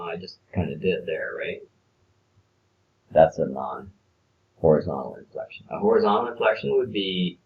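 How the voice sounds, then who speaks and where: Talking through a math worksheet, this deep-voiced male teacher gives a casual screencast lesson, going step by step and using filler words. The audio is lo-fi.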